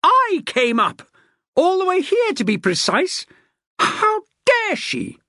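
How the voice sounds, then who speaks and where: A woman's voice: wildly swooping pitch, slow, pushed and bright, dry recording, studio quality, full character voice. A woman voicing an enraged woman solicitor who screeches and spits insults at a police desk officer. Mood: outraged. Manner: shrill, screeching, spitting with rage. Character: furious shrieking woman solicitor, middle-aged.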